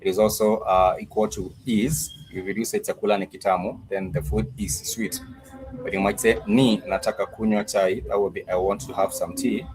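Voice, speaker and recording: Low-voiced man teaching a language class. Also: little pitch movement, a little mellow, a little hiss or hum, rough recording. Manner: patient, repeats phrases for drilling; pauses with frequent "uh" fillers. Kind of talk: live-streamed language class.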